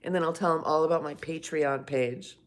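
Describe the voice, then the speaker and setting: A woman's voice: sits low, a little fast, slight background noise. A middle-aged woman hosting a casual livestream from home, chatting and rambling as she answers viewers by name. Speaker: livestream host. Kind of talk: casual live-stream chat, reading viewer comments.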